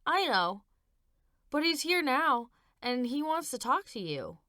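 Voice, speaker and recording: A woman voicing an eager, chatty little boy with a high, bouncy voice in an audiobook reading. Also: sing-song, slow, no room sound, clean studio sound, heavily acted. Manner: bright, bouncy, high-pitched.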